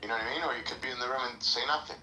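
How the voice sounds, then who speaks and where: A man's voice: medium pitch, rapid-fire, pushed and bright. A man telling a rambling story in casual podcast chat, in an echoey room with some noise.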